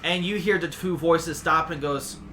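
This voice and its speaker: A man runs a tabletop game as game master, with a bright, forward voice. He talks in a loose, chatty way. Faint noise hums under the recording. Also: on the high side, steady tone, moderate pace. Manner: loose, chatty, with sudden loud character outbursts.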